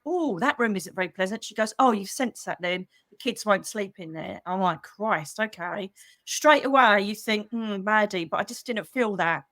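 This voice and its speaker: A middle-aged woman, a psychic medium, hosting a livestream and telling a story in a lively, chatty way, acting out the voices she quotes and calling people darling. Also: mid-range voice, dry recording, studio quality.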